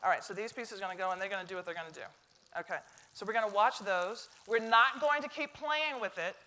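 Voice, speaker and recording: A middle-aged woman with a Southern American drawl leads a live cooking demonstration on a stage kitchen. Her voice is bright and forceful, and her pitch sits in a middle range. She talks to the crowd in a chatty way and cracks jokes as she cooks. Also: fast talker, a little hiss or hum. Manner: chatty, joking, talks to the audience.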